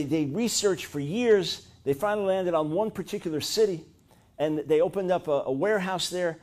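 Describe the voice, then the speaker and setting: A middle-aged man preaching a sermon, telling stories in an animated way, with loud high bursts when he acts out what people said. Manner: animated storytelling, rising to loud high-pitched bursts when acting out quotes.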